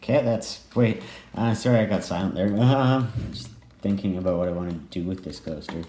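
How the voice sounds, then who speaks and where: A man giving casual let's play commentary while he builds, musing and halting with many pauses and fillers. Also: low voice, mellow. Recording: echoey room, faint noise.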